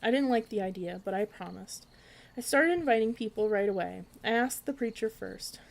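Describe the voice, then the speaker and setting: Lady reading a bedtime story, gentle, mid-pitched voice. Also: normal speed, gravelly, low-quality recording.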